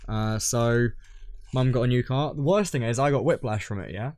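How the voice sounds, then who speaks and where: A man's voice: mid-range voice, moderate pace, darkish tone, no room sound. A young man from Scotland, co-hosting a podcast, telling a long story in casual chat, full of ums and restarts. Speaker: podcast co-host.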